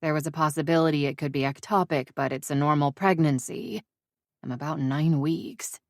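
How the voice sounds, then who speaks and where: A woman narrating a first-person romance audiobook in a measured, intimate way. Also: low-pitched, steady tone, dry recording, clean studio sound.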